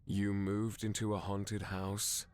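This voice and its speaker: A woman putting on a low, gruff voice for a doubtful partner, asking slow deadpan questions. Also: dry recording.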